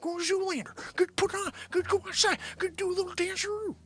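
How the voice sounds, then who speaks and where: A man doing a quick, high-pitched impression of a famous laid-back actor. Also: fairly even intonation. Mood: breezy.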